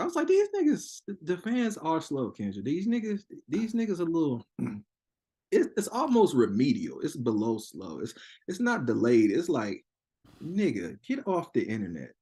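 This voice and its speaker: A young man telling a story in a casual interview, profane and animated, laughing often and acting out quotes. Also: on the high side. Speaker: interview guest.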